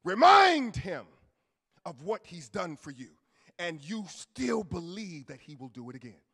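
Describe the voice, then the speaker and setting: A male pastor preaching a sermon, moving from low murmurs to shouted peaks, with casual asides and call-and-response to the congregation. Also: lively intonation, normal speed, gravelly, breathy edge. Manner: colloquial preaching with church asides. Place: church sanctuary. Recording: long reverb of a church hall.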